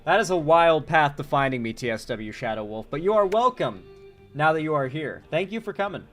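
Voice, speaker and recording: Male streamer, slightly high voice, casual and profane, faint music behind. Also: lively intonation, brisk. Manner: casual, swearing, reading chat aloud. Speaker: streamer and political commentator. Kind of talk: casual livestream commentary.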